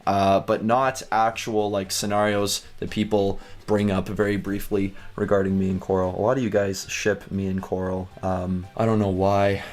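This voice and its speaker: A man's voice: sits low, level tone, moderate pace, few pauses, a little mellow, faint music behind. A man casually reading fan stories aloud, chatty and giggly, with playful asides. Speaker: YouTuber.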